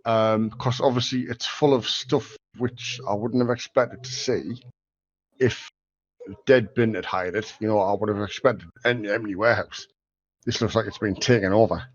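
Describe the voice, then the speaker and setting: A man's voice: fairly low pitch, steady tone, moderate pace, lo-fi sound. A man playing a tabletop game, mischievous and full of playful questions. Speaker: player.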